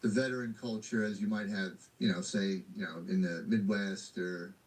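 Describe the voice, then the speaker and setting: A man hosting a podcast, who asks his questions haltingly with long winding lead-ins. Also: on the low side, fairly even intonation, distant mic, poor audio. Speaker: podcast host. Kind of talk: casual interview.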